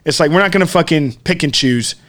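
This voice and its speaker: Fast, profane ranting man. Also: a little high, fairly bright tone. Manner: profane, ranting, acts out quotes. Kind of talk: casual storytelling chat.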